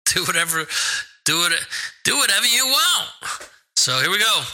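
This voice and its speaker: A man's voice: high voice, big pitch swings, moderate pace, sharp tone, low-quality recording. A man hosting a podcast, talking casually on his own, rambling with lots of restarts and fillers. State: hiccuping. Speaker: podcast host. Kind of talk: casual solo podcast talk.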